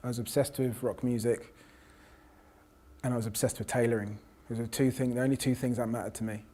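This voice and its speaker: Professor, reflective storyteller, mid-pitched, restarts a lot. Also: male voice, fairly even intonation, brisk, mellow. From South London. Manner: reflective, with frequent restarts and quoted voices. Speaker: professor and panel guest. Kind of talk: personal storytelling in conversation.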